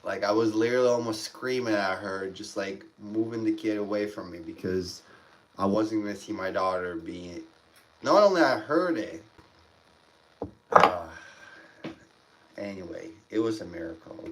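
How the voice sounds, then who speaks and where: Speaking with a fairly low pitch at a moderate pace, this father leaves long pauses as he rambles through emotional stories on a casual livestream. He restarts frequently, and a distant mic catches faint room noise.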